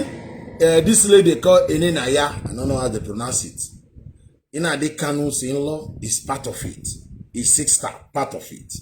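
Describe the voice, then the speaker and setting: A man's voice: a little high, a little mellow, a little hiss or hum. A man, delivering heated, scornful commentary with rhetorical questions. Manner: scornful, lectures the viewer with many rhetorical questions. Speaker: vlogger.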